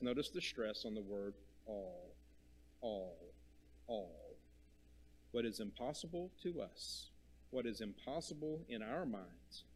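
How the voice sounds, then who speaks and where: A man preaching a sermon to a congregation. He stresses and repeats key words, swinging from loud emphasis to quiet, low lines.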